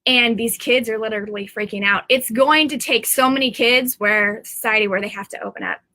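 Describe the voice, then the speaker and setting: A middle-aged woman talks straight to her viewers in a loose, rambling live stream from home. Her voice is bright and sharp, and it sits dry and close with almost no room sound. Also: fairly high pitch, steady tone, fairly quick, dry recording. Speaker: psychic medium.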